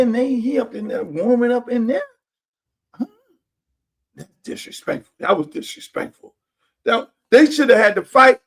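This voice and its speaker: A middle-aged man, hosting a livestream in a blunt, profane, animated manner. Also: high-pitched, slightly rough. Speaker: host. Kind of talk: casual livestream talk. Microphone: streaming setup.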